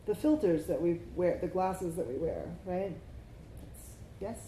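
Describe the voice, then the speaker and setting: A woman meditation teacher gives a reflective dharma talk, drawing answers out of the group and frequently checking in with "right?". Her lowish voice has lively intonation and an unhurried pace, recorded in an echoey room with faint background noise.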